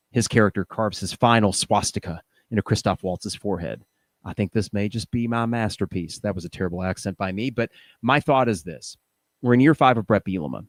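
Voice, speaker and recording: A man's voice: fairly low pitch, no echo. A man hosting a fan podcast, giving opinionated, casual commentary and thinking aloud with rhetorical questions. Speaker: podcast host.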